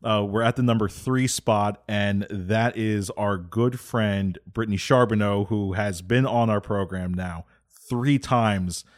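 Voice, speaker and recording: Male podcast host, lowish voice, relaxed patter, trails off into quiet asides. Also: a little slow. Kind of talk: casual show hosting.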